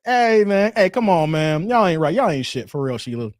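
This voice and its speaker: High-voiced laughing man in his forties. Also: normal speed, no echo, studio quality. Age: 40s. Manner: laughs often, playful banter; animated, repeats "hey, man". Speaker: YouTube host. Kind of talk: casual live-stream chat reading viewer comments.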